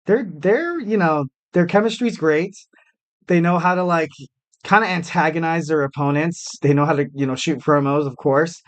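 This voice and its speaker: A man hosts a wrestling podcast in a loose, chatty way. His voice sits a bit high for a man. He rambles with fillers and restarts and pokes fun at himself. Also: moderate pace. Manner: chatty, many fillers and restarts, jokey self-mockery. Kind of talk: casual podcast commentary.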